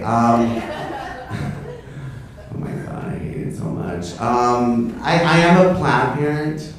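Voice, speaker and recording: A man's voice: medium pitch, lively intonation, slow, recorded from a distance. A man doing a stand-up set on a comedy club stage, brash, profane and camp, teasing the crowd. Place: comedy club stage before a live audience. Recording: echoey club, mic from afar, audience laughter.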